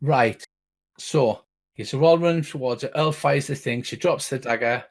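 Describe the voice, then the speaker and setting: Middle-aged man, game master, rambling narration, restarts, swearing, mid-pitched voice. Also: normal speed.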